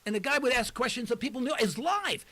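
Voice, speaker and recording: A man's voice: very high-pitched, animated, quick pace, pushed and bright. A man in his sixties hosting a talk radio show from the studio, speaking in a rambling, emphatic monologue. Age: 60s.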